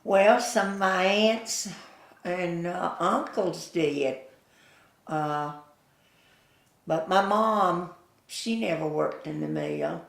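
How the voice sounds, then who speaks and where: A woman's voice: fairly low pitch, creaky, roomy sound. An older woman with a Southern US accent, telling folksy stories in an oral history interview. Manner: slow, folksy, chuckling storyteller who acts out quoted voices.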